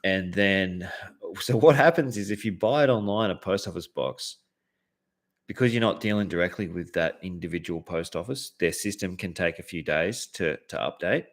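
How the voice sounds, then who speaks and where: A man's voice: deep voice, normal speed. An Australian man hosting a show, telling a heated story in a casual, profane way, with lots of fillers and restarts. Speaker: host.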